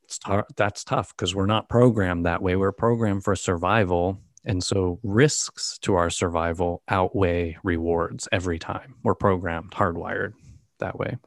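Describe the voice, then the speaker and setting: A man in his forties with a very low voice speaks calmly and thoughtfully, weighing his words. The sound is dry and close, with no room around it. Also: vocal fry, no echo. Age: 40s. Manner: thoughtful, measured, agreeable. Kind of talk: casual conversation.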